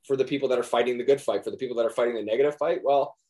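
A man's voice: mid-range voice, very fast, a little mellow. A young man, an actor being interviewed, talking earnestly in a rambling way with many restarts. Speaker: actor guest. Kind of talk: casual interview chat.

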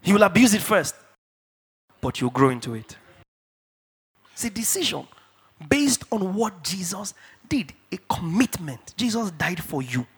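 A middle-aged man from Africa preaching a sermon in church, emphatic and repetitive, dropping to hushed asides and rising to shouted declarations. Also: sits high, sing-song, unhurried, pauses often, husky. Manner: repeats key phrases for stress. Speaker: pastor.

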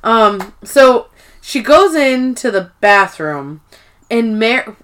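A woman in her thirties chats through a TV recap on her podcast, swearing freely and slipping into voices for each character. Her voice sits fairly high and sounds bright and forward. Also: slow. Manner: animated, swearing, acting out characters' lines in shifting voices. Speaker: podcast co-host. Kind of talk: casual episode recap chat.

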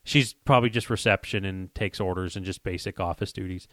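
A man's voice: low-pitched, fairly quick, fairly bright tone, dry recording, studio quality. A man hosting a casual podcast, telling a rambling story and acting out what other people said. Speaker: podcast host and lure maker.

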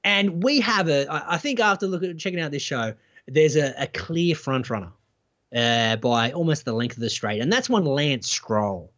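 Animated joking man. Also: on the high side, moderate pace, muffled recording. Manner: animated, joking, restarts a lot. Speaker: podcast co-host. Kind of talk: casual chat.

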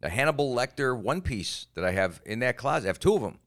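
Animated man telling stories on a podcast. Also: mid-range voice, fast talker. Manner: animated storytelling, jumps into quoted voices. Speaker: podcast co-host and comedian. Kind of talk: casual podcast chat.

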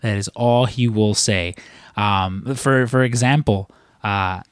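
In studio-quality audio with a clean tone and no room sound, a young man hosting a podcast rambles through a story. His voice is fairly low and slow, and he leans on fillers, restarts and casual cursing.

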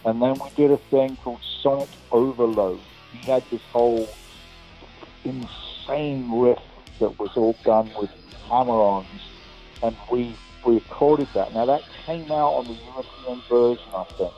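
An older man with an English accent, a guest telling lively anecdotes and acting out the dialogue of the people in them. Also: mid-range voice, normal speed, lo-fi sound, faint music behind. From England. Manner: lively storyteller who acts out quoted dialogue with many restarts. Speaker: guest, record producer and guitarist.

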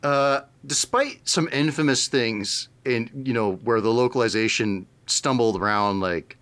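A man's voice: medium pitch, a little slow, a bit bright. A man co-hosting a podcast, explaining things in casual chat and laughing easily. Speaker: podcast co-host.

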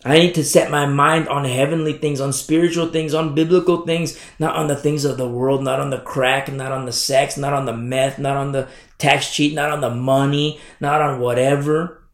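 A male pastor preaches with a slightly high, gravelly voice. He drives his points home by repeating rhetorical questions, and the sound carries the echo of a church hall. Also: fairly even intonation, normal speed. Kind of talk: sermon. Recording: echoey church room.

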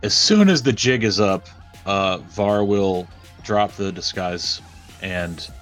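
A man playing in a casual tabletop role-playing game, animated and swearing freely. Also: on the low side, takes it slowly, faint music behind. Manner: animated, swears, describes his character's antics. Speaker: player.

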